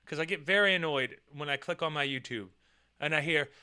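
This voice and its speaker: A man's voice: fairly high pitch, a little fast, clean tone. A man ranting profanely in casual chat while reading a list and chat comments, mocking with put-on voices. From United States. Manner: animated, swears a lot, mocks with put-on voices. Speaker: streamer reacting to a list and chat.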